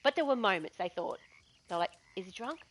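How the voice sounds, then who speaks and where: A woman's voice: medium pitch, lively intonation, brisk, a bit bright, rough recording. Chatty Aussie woman telling a yarn. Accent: Australian. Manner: chatty, digressive. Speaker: gaming vlogger. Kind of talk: casual storytelling.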